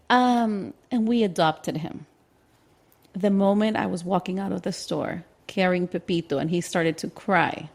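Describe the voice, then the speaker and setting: Animated woman in her thirties telling a story. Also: on the low side, gravelly. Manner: animated, acts out voices in her anecdotes; quick, tumbling delivery with restarts. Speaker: podcast co-host. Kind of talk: casual storytelling chat.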